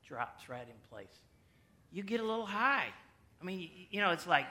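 A man leads a casual Bible teaching in a bright, slightly high voice. He talks in a folksy, chatty way and drops playful asides to the group as he goes. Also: big pitch swings, moderate pace. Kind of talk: informal sermon to a group.

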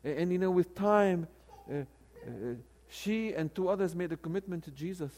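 A man in his sixties, a theology professor, telling a story in a sermon with animated delivery and frequent restarts. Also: high voice, moderate pace, a little hiss or hum. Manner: animated, with many restarts and repeated words.

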